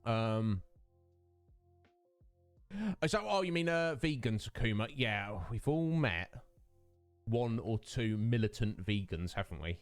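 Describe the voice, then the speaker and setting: A man's voice: on the low side, expressive, slow pace, pauses often, smooth, no room sound, faint music behind. A man hosting his own stream, chatting casually with viewers, greeting them by name and laughing often. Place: home streaming setup.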